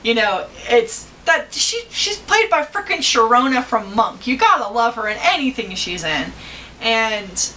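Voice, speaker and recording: Chatty mom type who rambles and acts out the bits, bright higher voice, set back from the mic. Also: female voice, sing-song, measured pace, far from the mic, slight background noise, poor audio. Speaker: mom reviewing a movie with her daughter. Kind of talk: casual chat.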